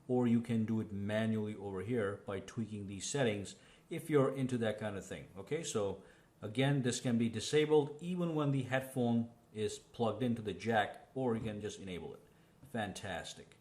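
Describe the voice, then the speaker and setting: A man's voice: mid-range voice, normal speed, a little mellow. A man giving a casual, step-by-step phone settings tutorial, talking the viewer through each menu with fillers and frequent "okay?" checks. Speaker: tech reviewer.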